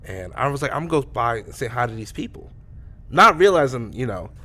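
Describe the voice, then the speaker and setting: A man's voice: mid-range voice, sing-song, a little fast, bright, forceful tone. Rambling man telling a story. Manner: rambling, many restarts. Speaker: podcast co-host. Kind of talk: casual storytelling.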